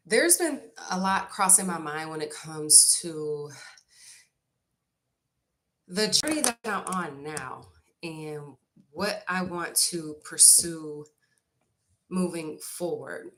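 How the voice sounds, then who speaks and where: A woman's voice: lowish voice, a bit bright. A woman chatting casually with viewers on a live stream, walking in from the rain and then talking at home, a bit out of breath. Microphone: phone camera.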